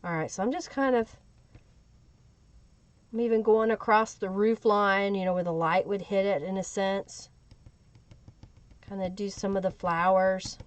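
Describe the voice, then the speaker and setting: A woman's voice: medium pitch, fairly even intonation, a little slow, pauses often, dry recording. A woman hosting a live crafting tutorial, chatting away and greeting viewers in the chat by name. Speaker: crafting livestream host. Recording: dull lo-fi livestream audio.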